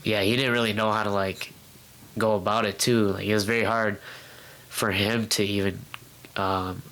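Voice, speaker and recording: A young man with a fairly low voice tells his personal story in a relaxed interview at home. He speaks candidly and haltingly, with frequent fillers and restarts, and slips into quoting his past self. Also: low-quality recording. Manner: acts out his past self in quoted outbursts. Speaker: guest. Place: home room.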